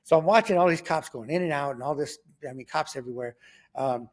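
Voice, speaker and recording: A man, telling his own story as a guest in an interview. His voice sits a little higher than most men's, and his delivery is lively and conversational. He acts out the lines of people in the story and laughs through the wilder moments. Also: fast. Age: 50s.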